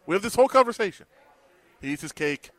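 A man's voice: high voice, fast talker, no echo. A man co-hosting a sports radio show, telling stories in casual chat and acting out the lines of people he quotes. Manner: animated storyteller, acts out quoted dialogue. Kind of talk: casual sports talk and storytelling.

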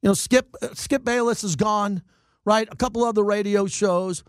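A middle-aged man hosting sports talk radio, ranting in animated bursts and mocking his critics. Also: high voice, smooth, no echo, clean studio sound. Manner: animated, rants and mocks in quick bursts. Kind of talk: fired-up sports talk monologue.

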